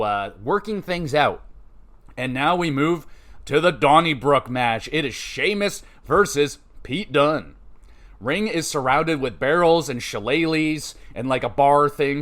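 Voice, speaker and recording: A man's voice: a little high, fairly bright tone. A man hosting a podcast, recapping wrestling matches in a casual, chatty way with offhand asides and scores. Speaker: podcast host.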